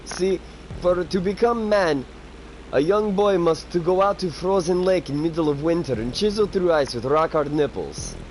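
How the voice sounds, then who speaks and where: A man putting on a mock foreign accent, playing a boastful man from a far-off land who speaks broken English with a deadpan delivery. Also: high voice, moderate pace, a little hiss or hum, natural voice.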